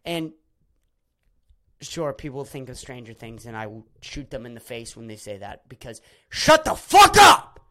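Man, podcast host, angry rant, profane, shouty, bitter. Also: medium pitch, moderate pace. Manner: furious ranting, swearing, shouting then subdued.

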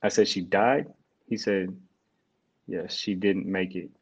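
A young man, a guest, telling an emotional personal story in a halting, reflective way with restarts. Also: deep voice, fairly even intonation, breathy edge. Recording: dull lo-fi sound.

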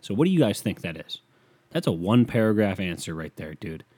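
A man's voice: deep voice, very animated, a little fast, dark tone, breathy edge, no room sound. A young man hosting a solo podcast, rambling through stories in a laid-back, profane way. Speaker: podcast host. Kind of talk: casual solo chat.

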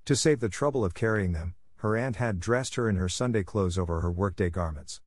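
An audiobook narrator with a lowish voice reads a children's classic aloud, delivering scripted storybook narration in a steady, measured manner. The studio sound is clean, with no room sound.

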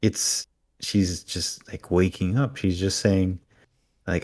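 A man's voice: deep voice, steady tone, takes it slowly, darkish tone. A man co-hosting a podcast, casually recapping an episode and acting out characters' lines as he retells scenes. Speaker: podcast co-host.

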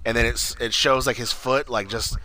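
A man chats casually about a movie he just watched, stringing events together with constant fillers and casual swearing. His voice is bright and forward. A faint hiss sits under the recording. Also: mid-range voice, steady tone, moderate pace, low-quality recording. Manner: rambling, profane, full of "like". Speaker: podcast co-host. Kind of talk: casual movie recap chat.

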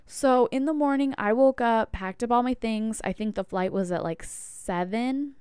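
A woman's voice: fairly high pitch, moderate pace, few pauses, a little mellow, clean tone, no room sound, clean studio sound. A woman hosting a podcast, telling a personal story in a candid, chatty way with lots of fillers. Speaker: podcast host. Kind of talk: casual storytelling monologue.

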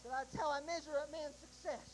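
A woman preacher delivering a sermon in a folksy way, rising into shouted climaxes with a rhythmic "uh" between phrases. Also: sits high, fairly even intonation, a little fast, slight background noise, rough recording. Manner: folksy storytelling asides.

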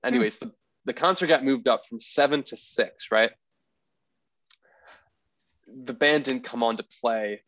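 A man's voice: medium pitch, unhurried, pauses often, no room sound, lo-fi sound. Rambling storyteller man on a podcast. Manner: rambling, animated, acts out the people he quotes. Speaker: podcast host. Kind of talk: casual storytelling chat.

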